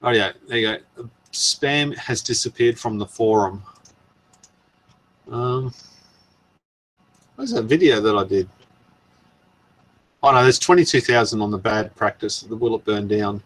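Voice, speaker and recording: A man's voice: lowish voice, measured pace, long pauses, a bit bright. Chuckling man on a live stream. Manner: rambling, chuckling, reading viewer comments aloud. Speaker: channel host. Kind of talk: casual live-stream chat.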